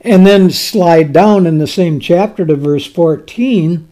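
A man preaching a sermon slowly and dramatically, reading scripture aloud in old-fashioned wording. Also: on the high side. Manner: slow, dramatic preaching with swells and drops in loudness.

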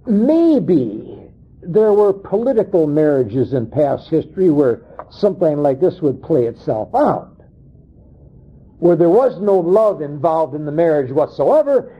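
A man preaching a sermon, dramatic, acting out quoted voices with sharp swings in pitch and pace. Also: big pitch swings, a little slow, husky. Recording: dull lo-fi sound.

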